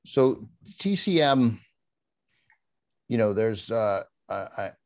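A middle-aged man, a film channel host, chatting in an interview in a low voice. He talks animatedly, cuts himself off and restarts his sentences, and now and then slips into a mock newscaster voice. The sound is dry and close. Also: expressive, slow, dry recording. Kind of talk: conversational interview.

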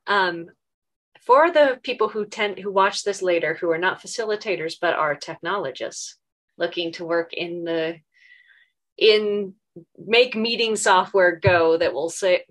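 A woman's voice: fairly low pitch, measured pace. Upbeat woman hosting a call. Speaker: host of the community event. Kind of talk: casual video-call discussion. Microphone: video call.

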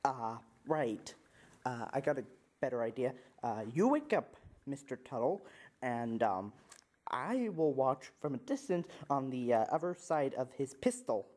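A man's voice: medium pitch, sing-song, unhurried, darkish tone. A young man acting in an amateur short film, talking nervously with constant stammers and restarts. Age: young adult.

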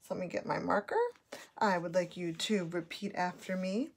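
A woman's voice: fairly low pitch, steady tone, moderate pace, vocal fry, slightly rough. A woman teaching a phonics lesson, sounding out letters and words patiently for children to repeat.

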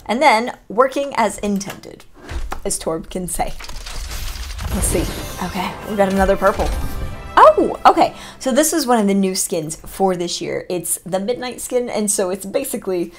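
A young woman chatting excitedly as she opens items on her gaming vlog, full of rambling asides. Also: mid-range voice, normal speed, soft background music. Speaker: gaming vlogger. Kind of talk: casual unboxing commentary.

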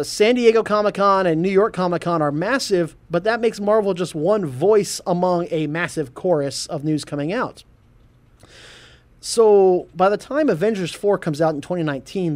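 A man hosting a casual geek news podcast, animated, laughing often and stumbling over his words. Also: fairly high pitch. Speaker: podcast host.

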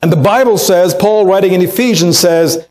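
A man's voice: high voice, moderate pace, a little mellow, poor audio. A pastor preaching a sermon in a church, earnest, lifting his voice to act out quoted words. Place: church sanctuary.

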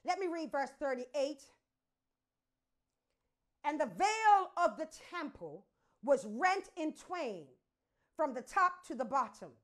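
High-pitched woman pastor delivering an emphatic sermon, dropping low then swelling loud. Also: big pitch swings, slow pace, pauses often. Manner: emphatic, call-and-response preaching with sudden loud swells and hushed drops. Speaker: preacher.

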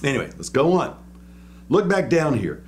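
A man giving a casual Bible teaching with a lively voice that swings up and down in pitch. He talks conversationally, stops and restarts mid-sentence, and dramatizes the verses he quotes. A faint hum sits under the recording. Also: normal speed. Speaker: preacher.

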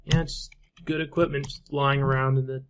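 Musing to himself over his own strategy game, a man commentates casually, trailing off with fillers and half-finished thoughts. His medium-pitched voice barely moves in pitch and has a clean tone at a moderate pace.

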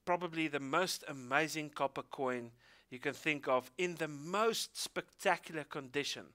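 Bright-voiced South African man interviewing. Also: on the high side, moderate pace. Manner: chatty, hesitant with fillers. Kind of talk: casual interview.

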